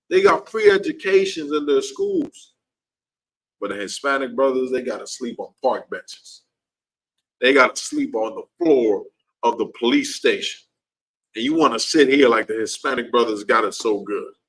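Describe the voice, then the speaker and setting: A man's voice: animated, measured pace, fairly bright tone, low-quality recording. Fiery man preaching to a class. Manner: heated, repetitive, pitch leaps up when worked up. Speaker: class teacher.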